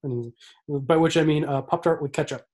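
A man's voice: on the high side, fairly even intonation, fairly quick, a little mellow. A man hosting a casual podcast, explaining things with wry sarcasm. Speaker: podcast host.

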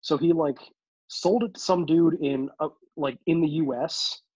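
Brief: husky-voiced man co-hosting a laid-back podcast, dull lo-fi dry mic. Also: fairly high pitch, measured pace, no room sound. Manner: relaxed, recounts facts with many "like" fillers. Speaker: podcast co-host. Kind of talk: casual chat.

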